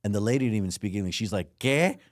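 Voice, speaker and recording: A man's voice: on the low side, very fast, no room sound, studio quality. A man hosting a casual podcast interview, telling stories with acted-out voices. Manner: animated storytelling, acts out voices. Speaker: podcast host.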